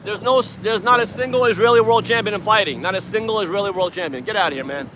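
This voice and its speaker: A man's voice: high voice, fast talker, noisy background. A young man from Iran livestreaming from a street protest on a handheld phone, chatting boastfully and combatively with his viewers. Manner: boastful and combative, addresses chat directly. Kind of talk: casual livestream chat.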